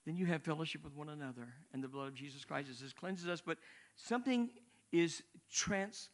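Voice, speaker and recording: Older male missionary preacher, slightly raised pitch, conversational storytelling sermon. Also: brisk. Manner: conversational, rambling with asides.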